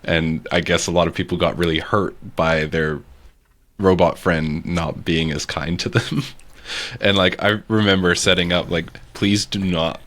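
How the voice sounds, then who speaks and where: A man's voice: low voice, steady tone, moderate pace, a bit bright. A man co-hosting a casual real estate podcast, laid-back and joking, telling stories with lots of ums. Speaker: podcast co-host.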